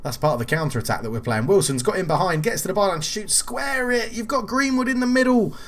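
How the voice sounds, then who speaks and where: A young man commentating on his own football management game, casual and quick to rant and swear when frustrated. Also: high-pitched, lively intonation. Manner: exasperated, ranting at the game, swears. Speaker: gaming channel host.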